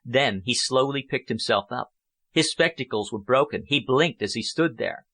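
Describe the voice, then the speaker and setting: Guy reading an audiobook, steady and measured, average pitch. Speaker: audiobook narrator. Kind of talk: scripted narration.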